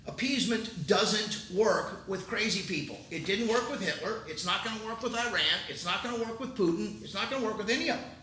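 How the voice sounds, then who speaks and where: A man's voice: a little fast, hardly any pauses, pushed and bright. A man hosting his own political commentary show, talking in an emphatic, indignant way. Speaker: host. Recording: roomy, distant mic, faint rumble.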